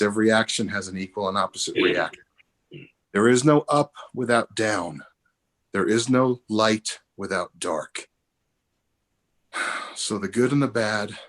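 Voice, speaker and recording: Older man telling a rambling comic story. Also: lowish voice. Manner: rambling, self-correcting. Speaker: comedian and minister. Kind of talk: storytelling stand-up. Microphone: video call.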